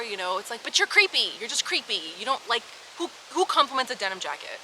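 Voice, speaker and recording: A young woman vlogger telling her own stories in a frank, animated way, swearing and laughing as she goes. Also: fairly high pitch, fast talker, a little hiss or hum, low-quality recording. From Canada. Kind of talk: casual storytelling to camera.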